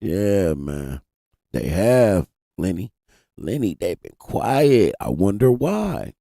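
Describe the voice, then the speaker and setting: A man with a low, creaky voice takes his time as he hosts a live stream. He's animated, swears freely, and talks directly to chat, all through a desk mic with studio quality and no room sound.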